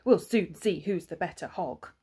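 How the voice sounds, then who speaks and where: A woman voicing a gruff, blustering father hedgehog in a storybook. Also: lowish voice, expressive, normal speed, mellow.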